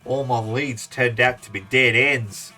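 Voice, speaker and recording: A man's voice: mid-range voice, steady tone, sharp tone, faint music behind. A man putting on a brooding Aussie moth detective. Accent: Australian, put on. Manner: slow, brooding noir narration. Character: down-on-his-luck male moth detective, Australian.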